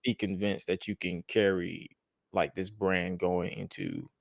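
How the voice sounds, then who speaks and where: A man hosting a casual podcast who jokes loosely and throws in quick asides. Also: deep voice, gravelly, no room sound, clean studio sound. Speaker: podcast host. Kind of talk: casual chat.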